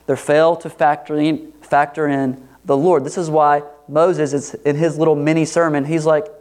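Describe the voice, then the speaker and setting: A man preaching an expository sermon, acting out the quoted voices with rising pitch. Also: little pitch movement, normal speed, few pauses, a little mellow. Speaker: pastor.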